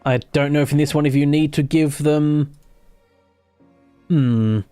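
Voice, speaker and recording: A man's voice: a little high, measured pace, warm tone, clear, resonant tone, no room sound, soft background music. A man chatting casually and rambling while streaming a game live. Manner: rambling, chatty, self-interrupting. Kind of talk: casual live gameplay chat.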